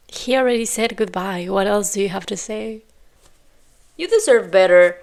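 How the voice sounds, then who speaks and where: A woman's voice: mid-range voice, animated, normal speed, a little mellow. A woman hosting a reaction video, talking back at the screen in exasperated, casual commentary and sometimes dropping to a whisper.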